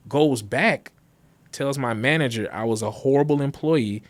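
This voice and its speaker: A man's voice: medium pitch, brisk. A man in his thirties, a designer and guest, telling stories in a casual chat and acting out the dialogue. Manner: lively storyteller who acts out quoted dialogue. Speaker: guest, graphic designer and business founder.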